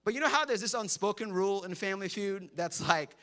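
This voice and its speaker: A man preaching a sermon in church, telling stories with humor and lively, animated delivery. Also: high voice, fast talker. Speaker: pastor.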